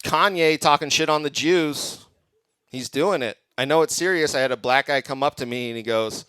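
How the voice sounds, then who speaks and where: A man performing a crude, deadpan stand-up comedy set on a comedy club stage. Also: on the high side, moderate pace, clean tone, no room sound, studio quality. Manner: deadpan punchlines, crude jokes.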